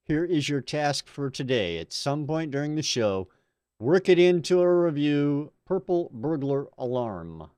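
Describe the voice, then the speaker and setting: Smooth-voiced, upbeat male host. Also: a little high, expressive, measured pace, a little mellow, no echo, clean studio sound. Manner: upbeat, chatty, laughs along. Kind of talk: hosting a music review show.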